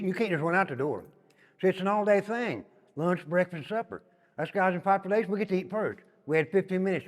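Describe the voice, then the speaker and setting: An older man, a former prisoner guiding a walking tour in a folksy storytelling way, often calling the group "guys". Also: high voice. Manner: folksy, repeats "give you an idea", addresses group as guys. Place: large echoey prison halls and yard. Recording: long echoey reverb of hard halls.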